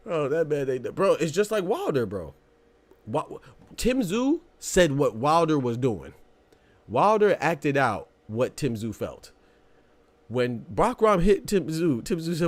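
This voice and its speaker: A man's voice: fairly high pitch, very animated, measured pace. A man hosting a boxing podcast live stream, talking casually and animatedly, laughing often and calling everyone "bro".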